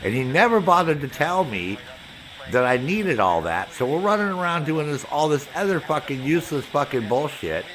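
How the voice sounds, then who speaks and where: A man's voice: on the high side, moderate pace. A man streaming a game, telling his chat an angry story about a clan member, quoting both sides and cursing heavily. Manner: heavy cursing, animated storytelling with quoted back-and-forth. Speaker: gaming streamer.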